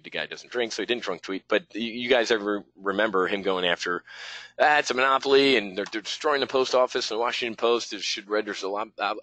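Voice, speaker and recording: A man's voice: fairly low pitch, bright, forceful tone, no room sound, low-quality recording. A middle-aged man giving blunt, casual stock market commentary, talking straight to his audience. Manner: brash, blunt and conversational, addressing "folks".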